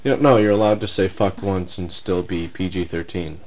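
Male co-host, lower pitch, argumentative explainer, casual swearing. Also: steady tone, moderate pace, a little mellow, a little hiss or hum. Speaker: podcast co-host. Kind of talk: casual podcast chat.

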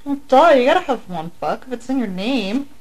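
A woman's voice: a little high, big pitch swings, fairly quick, a little mellow, a little hiss or hum, low-quality recording. A woman in her twenties co-hosting a casual podcast, blunt and playful and swearing freely. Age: 20s. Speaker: podcast co-host.

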